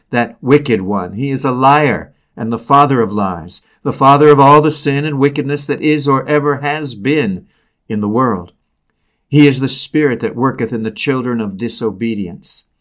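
A man of ordinary mid pitch reads an old sermon aloud. He is solemn and measured, and he slows down to weigh the key phrases. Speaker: preacher reading a sermon.

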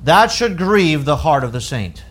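High-voiced man preaching emphatically. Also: sing-song, a little slow, a bit bright. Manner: emphatic, rises in pitch and force when stressing a point; reads scripture in old-fashioned wording. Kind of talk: sermon.

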